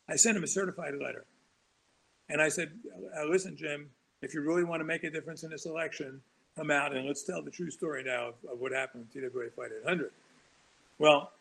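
Man, guest storyteller, gravelly, husky, slightly higher voice, rambling and chuckling. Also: fairly bright tone, rough recording. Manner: rambling, chuckling anecdotes with many restarts. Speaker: author guest. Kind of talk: casual storytelling interview.

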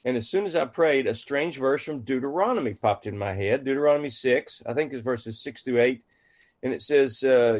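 A man's voice: mid-range voice, normal speed. Middle-aged male guest, folksy storyteller, mid-range voice, acts out the dialogue. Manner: folksy and animated, acting out quoted dialogue. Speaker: author and guest. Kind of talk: conversational storytelling.

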